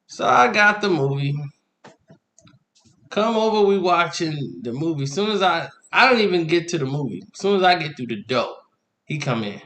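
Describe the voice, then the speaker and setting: A young man telling a comic dating story in a slangy, animated way, laughing often. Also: on the high side, normal speed. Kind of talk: comedic storytelling. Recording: echoey room.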